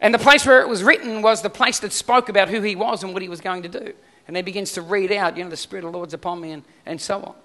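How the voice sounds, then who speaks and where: A man's voice: high-pitched, steady tone, fast, sharp tone. A man preaching a sermon as pastor, conversational and full of questions to the congregation. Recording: reverberant hall.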